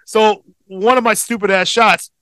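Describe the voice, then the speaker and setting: High-voiced, bright-toned young man telling stories. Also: measured pace, no room sound. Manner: profane, rambling, animated storyteller. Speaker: podcast co-host. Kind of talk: casual storytelling chat.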